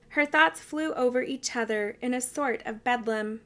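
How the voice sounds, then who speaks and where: Brief: woman narrator, steady storybook reading, high voice. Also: moderate pace, few pauses. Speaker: reader of a family biography.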